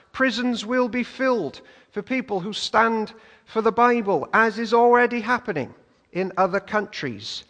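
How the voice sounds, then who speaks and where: A man preaching a sermon in a lively, joking way, acting out little voices as he retells stories. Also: high voice, in a large hall.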